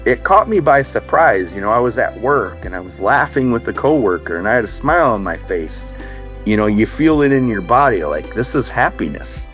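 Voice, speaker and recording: This guest, a Minnesota man in his thirties, tells his recovery story earnestly in a casual interview, full of fillers and restarts. His mid-range voice is very animated and fairly bright, moving at a normal speed with soft music playing behind him.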